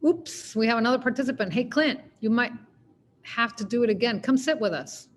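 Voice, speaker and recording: A woman's voice: fairly high pitch, animated, fairly quick. A woman poet giving a poetry reading, narrating in a wry, conversational way. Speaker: poet reading her work.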